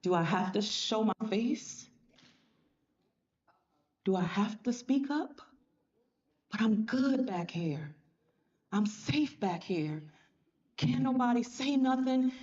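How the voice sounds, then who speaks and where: A woman's voice: on the high side, lively intonation, slow pace, long pauses, darkish tone, highs cut off. A woman giving a motivational speech on a conference stage, emphatic and colloquial, talking straight to the audience. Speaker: motivational speaker.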